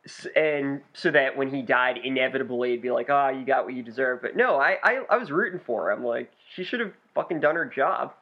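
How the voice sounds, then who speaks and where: A man's voice: mid-range voice, lively intonation, brisk, hardly any pauses. A young man co-hosting a podcast, chatting casually in a laid-back, dry and sarcastic way. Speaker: podcast co-host. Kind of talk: casual chat. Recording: dull lo-fi podcast recording.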